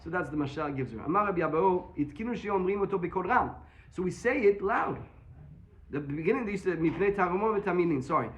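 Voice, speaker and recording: A man teaching a Talmud class, explaining quickly and mixing Hebrew terms into his English. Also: high voice, expressive, a bit bright, highs cut off.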